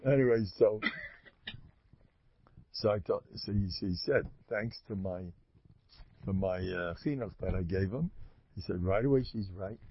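Gravelly man telling rambling stories. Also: lowish voice, unhurried, long pauses. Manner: rambling storyteller who acts out dialogue. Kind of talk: informal religious talk to an audience. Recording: muffled lo-fi recording with faint noise.

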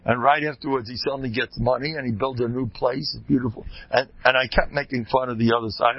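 A man's voice: medium pitch, lively intonation, a little fast, few pauses, breathy edge, no echo, dull audio. An older man, a rebbe, giving an informal Torah talk, joking and sprinkling in Hebrew and Yiddish terms. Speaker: rebbe teaching a Torah class.

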